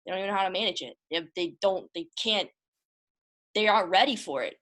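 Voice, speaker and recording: Woman hyping up her listeners, emotional, repeats herself a lot, mid pitch. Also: expressive, quick pace, fairly bright tone. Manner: emphatic, repeats words, addresses listeners as y'all. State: emotional, close to tears. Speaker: motivational host. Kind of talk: casual motivational talk.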